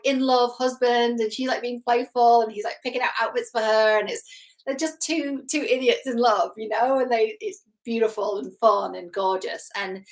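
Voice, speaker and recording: A woman's voice: on the high side, poor audio. A middle-aged woman, a relationship coach, giving chatty, earnest commentary to camera, acting out quotes and laughing at herself. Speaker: relationship coach reacting to a TV series.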